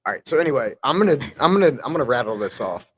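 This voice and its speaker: A man's voice: medium pitch, big pitch swings, very fast. Exasperated man podcast co-host. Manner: gruff, exasperated, swears casually. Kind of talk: casual sports podcast chat.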